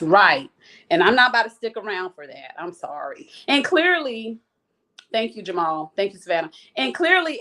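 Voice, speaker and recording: Frank, animated woman hosting a livestream. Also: fairly high pitch. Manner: frank, animated, talks straight to the viewers. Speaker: host of a live chat show. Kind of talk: casual livestream talk, reading viewer comments.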